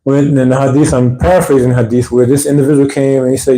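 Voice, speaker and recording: A man teaching at a weekly mosque gathering, talking in a conversational, rambling way and getting animated when he quotes people. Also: medium pitch, quick pace, low-quality recording. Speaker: religious teacher. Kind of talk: informal religious talk.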